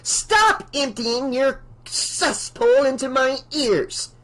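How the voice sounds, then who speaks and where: Man reading a spiteful old landlady for an audiobook: high, shrill, scornful, shrieks at people. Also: animated, unhurried, low-quality recording. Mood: shrieking.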